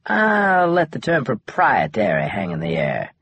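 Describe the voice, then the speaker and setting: A man voicing a wry, easygoing young man in an audiobook, in a husky, laid-back joking manner. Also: on the low side, wildly swooping pitch, a little slow, muffled recording, voice pushed up, full character voice. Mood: relaxed, wry. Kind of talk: audiobook dialogue.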